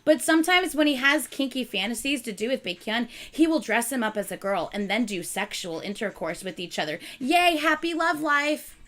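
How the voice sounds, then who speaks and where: Bright, high-voiced woman ranting to viewers. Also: moderate pace, few pauses. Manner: animated, exasperated ranting. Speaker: channel host. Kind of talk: casual chat with viewers.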